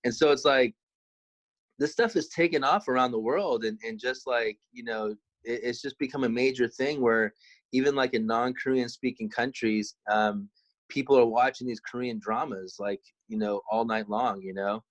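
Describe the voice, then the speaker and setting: A man in his thirties in casual podcast chat, relaxed and rambling with many fillers. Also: mid-range voice, moderate pace, low-quality recording. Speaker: podcast co-host.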